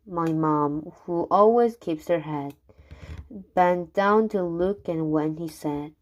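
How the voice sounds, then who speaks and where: A woman reading rhyming children's poems aloud, unhurried, now and then stumbling and restarting a word. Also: fairly low pitch. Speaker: reader.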